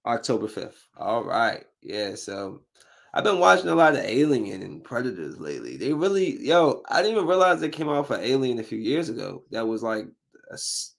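A man's voice: mid-range voice, creaky. A man in his thirties hosting a casual solo podcast, talking loosely and ranting with growing animation when something annoys him. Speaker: podcast host.

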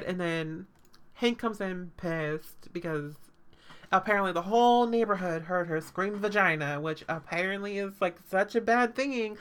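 A woman's voice: medium pitch, measured pace, clear, resonant tone. A woman hosting a podcast, recapping a show in casual, sarcastic chat full of fillers and swearing.

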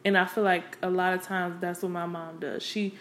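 A woman's voice: on the low side, level tone, normal speed, fairly bright tone, a little hiss or hum. A young woman talking casually to camera, candid and blunt, full of "you know" and "like" and plenty of cursing. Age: young adult. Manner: candid, blunt, and streetwise, with frequent profanity; conversational, with many fillers like "you know" and "like". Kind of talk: casual opinion monologue.

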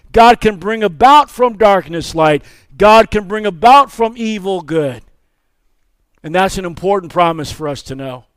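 High-voiced emphatic male pastor preaching. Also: clear, resonant tone, no echo. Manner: emphatic call-and-response preaching. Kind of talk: sermon.

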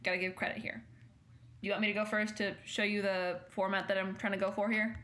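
A woman's voice: medium pitch, flat delivery, fairly quick, pushed and bright. A young woman hosting a casual chat, talking in a rambling way with lots of fillers. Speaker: podcast host.

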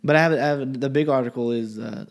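A man's voice: mid-range voice, fast, creaky. A young man, a college student, in a rambling, profane casual chat. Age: young adult.

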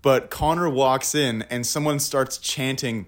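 A young man co-hosting a podcast, rambling in a relaxed chat with many fillers and frequent laughs. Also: mid-range voice, unhurried. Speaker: podcast co-host. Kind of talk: casual chat.

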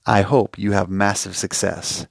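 Emphatic, gravelly-voiced male podcast host. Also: on the low side, steady tone, a little slow, dry recording, clean studio sound. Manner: emphatic, passionate, acts out little dialogues. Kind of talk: solo podcast advice monologue.

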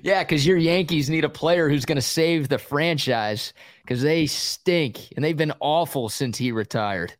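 A man co-hosting a sports talk radio show, breaking down the standings with energy and quick stats in a studio. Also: fairly high pitch, no echo. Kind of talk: casual sports talk and analysis.

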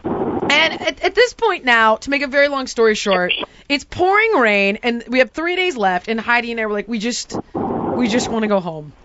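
Animated high-voiced woman telling a story. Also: normal speed. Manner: dramatic, laughing, shrieks when quoting herself. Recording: dull lo-fi audio with background noise.

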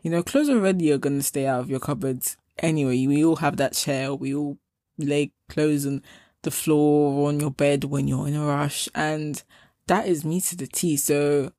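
A woman's voice: low voice, fairly even intonation, normal speed, mellow, dry recording, clean studio sound. A young woman hosting a casual solo podcast, chatty and self-mocking, often acting out her past self in quoted asides. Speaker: podcast host.

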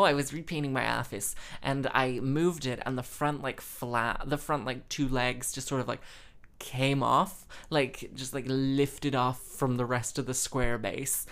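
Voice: medium pitch, vocal fry, fairly bright tone. A young adult host, from the Midlands, chatting casually in a rambling, self-mocking way full of fillers. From English Midlands. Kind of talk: casual chat.

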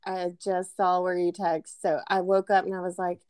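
A woman's voice: fairly low pitch, normal speed, clean tone. A woman in her thirties co-hosting a casual book podcast, telling stories and acting out quotes. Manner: animated storyteller, acts out quotes. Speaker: podcast co-host. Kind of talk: casual chat.

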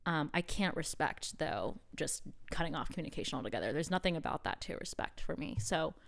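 A woman's voice: sits low, sing-song, brisk, gravelly, a bit bright. A young woman co-hosting a podcast, telling a dating story in candid casual chat with many fillers. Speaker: podcast co-host.

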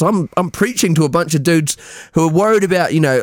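A man's voice: a little high, lively intonation, fast, no room sound, studio quality. A man in his thirties with a New Zealand accent, co-hosting a casual podcast and telling a story with laughs and loose swearing. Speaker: podcast co-host. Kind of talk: casual chat.

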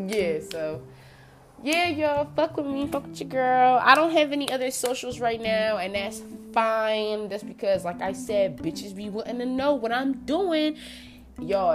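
A woman from New Jersey rants to her podcast listeners in a loose, animated monologue, cursing freely and calling them y'all. Her pitch sits in a middling range. Music plays clearly underneath her voice. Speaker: podcast host. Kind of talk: casual monologue.

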